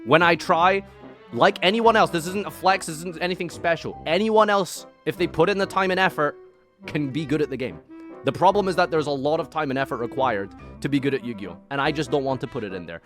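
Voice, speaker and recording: A man's voice: a little high, brisk, a bit bright, faint music behind. A man with a Scottish accent reacting to criticism of himself in casual commentary, sarcastic and exasperated, swinging into mock outrage. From Scotland.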